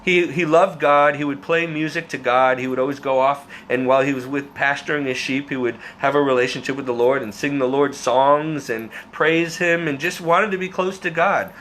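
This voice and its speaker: A man's voice: medium pitch, fairly even intonation, normal speed, hardly any pauses, fairly bright tone, a little hiss or hum. A man vlogging a personal faith testimony, talking earnestly and emotionally, rambling and restarting his sentences. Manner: restarts and repeats words.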